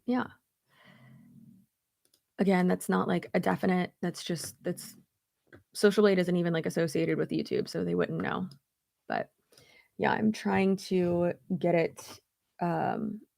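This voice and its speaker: A blunt, sarcastic woman chatting casually on a livestream, swearing freely as she talks. Her mid-pitched voice carries a gravelly edge. The sound is dry and close, with no room echo. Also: darkish tone. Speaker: beauty YouTuber. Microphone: streaming setup at home.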